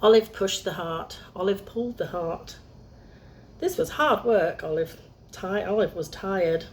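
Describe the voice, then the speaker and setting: Lively woman reading a storybook aloud. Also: mid-range voice, a little slow, slight background noise. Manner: chatty asides to young listeners. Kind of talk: reading a picture book aloud.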